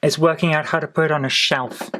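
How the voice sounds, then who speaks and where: A woman's voice: sits low, fairly even intonation, fast talker, fairly bright tone, slight background noise. A woman hosting a casual vlog chat, dry and teasing as she explains her moves. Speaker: vlog host. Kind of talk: casual chat over a board game.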